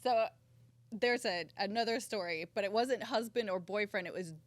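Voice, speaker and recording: A woman's voice: mid-range voice, normal speed, no echo. A woman in casual podcast chat, earnest and anecdotal.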